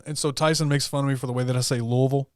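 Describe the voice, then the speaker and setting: A man hosting a livestream, chatting in a relaxed, conversational way with his guest. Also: medium pitch, racing, smooth, dry recording, studio quality. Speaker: livestream host. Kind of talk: casual livestream chat.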